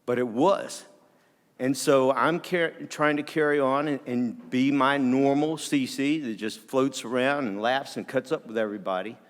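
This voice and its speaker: A man telling a personal story to an audience in a candid, earnest way, often halting and restarting his sentences. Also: medium pitch. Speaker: speaker sharing a personal story. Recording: long hall reverb.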